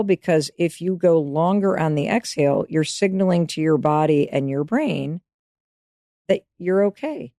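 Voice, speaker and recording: A woman in her fifties talks as a podcast guest, giving advice in an emphatic, coaching way and speaking straight to the listener. Her voice sits low and sounds mellow. The sound is dry and close. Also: no echo. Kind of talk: casual interview talk.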